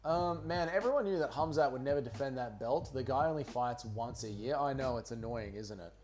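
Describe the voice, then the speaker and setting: A man's voice: medium pitch, a little fast, a little mellow. Man, livestream host, casual chat, tipsy, rambling, swearing. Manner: loose, rambling, swearing, jokey.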